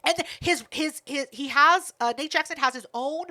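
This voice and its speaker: A woman with a high, bright voice tells a story on a podcast. Her delivery is brash, profane and animated. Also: moderate pace. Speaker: podcast co-host. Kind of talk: casual storytelling chat.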